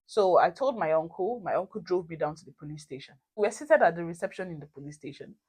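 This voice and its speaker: A young woman, telling a personal story to her viewers in a lively, expressive way. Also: fairly low pitch, fast, breathy edge. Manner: animated, expressive storytelling with frequent laughter. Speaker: vlogger. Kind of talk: casual storytime.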